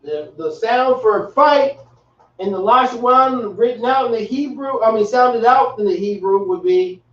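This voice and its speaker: Male teacher, high voice, casual and slangy, recorded from across a dull room. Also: measured pace. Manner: relaxed, slangy, repeats himself. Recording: echoey, distant, dull room sound.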